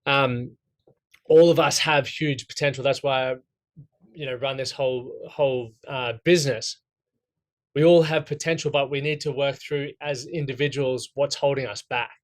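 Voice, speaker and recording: Blunt, casually swearing Australian man coaching. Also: fairly high pitch. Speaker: coach running a men's goal-setting workshop. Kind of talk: casual workshop talk.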